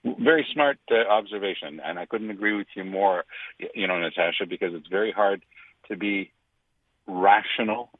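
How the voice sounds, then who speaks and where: A man's voice: normal speed, no room sound. Emphatic man on a thin phone line. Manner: emphatic, indignant, swings pitch widely for stress. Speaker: radio commentator. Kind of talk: opinionated radio commentary. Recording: dry, phone-like radio line.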